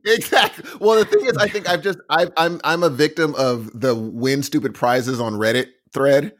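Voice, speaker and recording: A man's voice: on the high side, normal speed, a bit bright, no echo. A man co-hosting a casual podcast with dry jokes. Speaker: podcast co-host. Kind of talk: casual chat.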